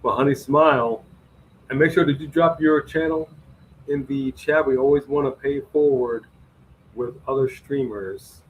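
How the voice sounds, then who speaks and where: A man's voice: mid-range voice, unhurried, a little hiss or hum, rough recording. A man co-hosting a casual live stream, playfully reading out viewers' ratings and chatting with his co-host.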